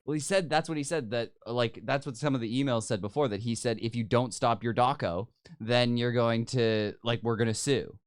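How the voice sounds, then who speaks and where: A man's voice: mid-range voice, a little fast, few pauses, clean tone, no echo, clean studio sound. A man co-hosting a casual podcast, loose and chatty, laughing easily and slipping into mock voices. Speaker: podcast co-host. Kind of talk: casual chat.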